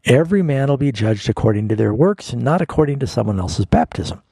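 A man's voice: mid-range voice, expressive, fairly quick, mellow, husky, no room sound. A man hosting a call-in radio Bible show as pastor, explaining scripture in a folksy, explanatory way with homespun illustrations.

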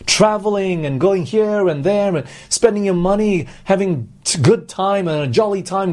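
A man's voice: high-pitched, a little mellow. A man preaching a sermon, earnestly putting questions to his congregation.

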